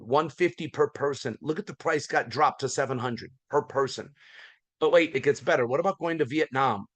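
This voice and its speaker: A man, likely in his forties, giving an energetic, folksy sales presentation on a video call, with lots of repetition. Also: a little high, no room sound. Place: remote hotel room abroad.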